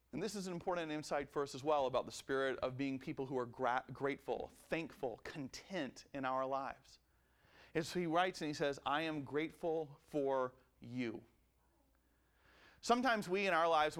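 A man preaching a sermon as pastor, emphatic and animated, at times dropping to a soft reflective tone. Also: medium pitch.

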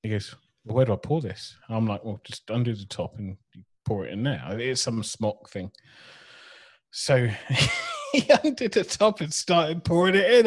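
A man's voice: medium pitch, huge pitch swings, moderate pace, breathy edge. A man co-hosting a casual podcast, blunt and sweary, telling stories with laughter. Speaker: podcast co-host, vape shop worker.

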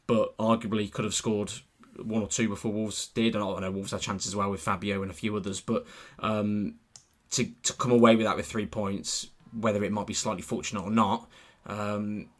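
A man's voice: on the low side, little pitch movement, moderate pace. A man co-hosting a football podcast, chatty and teasing with his co-host, laughing easily. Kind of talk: casual podcast chat.

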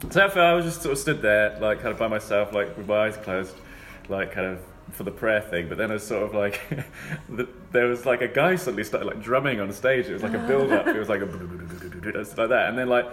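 Fast-talking young Englishman, echoey room. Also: lowish voice. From England. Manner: rambling, animated, laughs often, does mock voices. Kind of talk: casual storytelling chat. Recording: echoey room, faint background noise.

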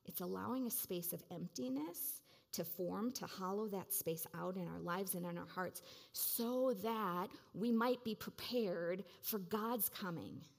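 Woman preacher, middle-pitched voice, casual and reflective sermon delivery. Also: unhurried, vocal fry, hardly any pauses. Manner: conversational, reflective, many "like" and "you know" fillers.

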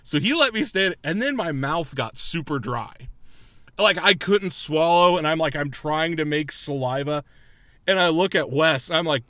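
A man telling a funny story with a bright, forceful voice on a dry, close recording. His pitch leaps all over as he acts out what people said, and he laughs often. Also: normal speed, no room sound. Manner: animated, laughing, acts out quotes. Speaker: guest storyteller. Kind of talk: comedic storytelling.

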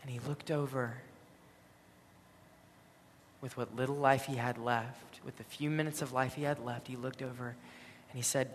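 A man preaching a sermon, telling a story with dramatic swings between loud and hushed. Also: mid-range voice, level tone, moderate pace, pauses often, slight background noise. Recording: long hall reverb.

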